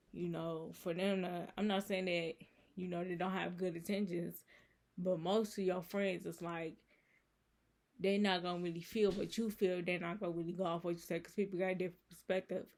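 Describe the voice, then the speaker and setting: Woman, casual faith vlog, earnest, rambling, lowish voice. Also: darkish tone. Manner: rambling, earnest, many fillers like "you know" and "so it's like". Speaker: channel host.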